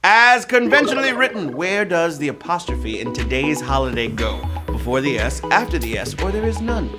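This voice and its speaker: A man's voice: fairly high pitch, sing-song, normal speed, over music. A man hosting a live trivia show, reading questions with playful rhyming quips and jokes. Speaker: trivia game show host.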